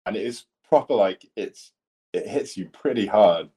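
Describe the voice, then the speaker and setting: A man's voice: on the low side, lively intonation, moderate pace, crowd noise. A man chatting casually on a podcast, a tattoo artist telling rambling, sweary stories. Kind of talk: casual chat.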